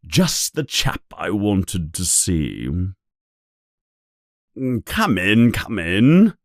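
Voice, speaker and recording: A man's voice: sits low, wildly swooping pitch, extremely slow, dry recording, studio quality, heavily acted. A man doing a pompous, vain wizard teacher. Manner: pompous, self-pleased. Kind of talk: storybook reading.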